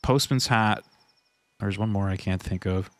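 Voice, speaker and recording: A man's voice: lowish voice, measured pace. A man streaming a video game live and chatting casually, in a laid-back, slangy way, calling out "dude" all the time. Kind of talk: live gameplay commentary.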